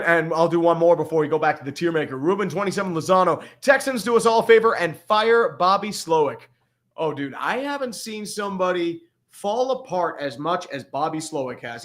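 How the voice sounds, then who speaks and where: A man's voice: a little high, a bit bright. A man hosting a casual sports livestream, talking in a blunt, rambling, profanity-heavy way. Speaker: podcast host.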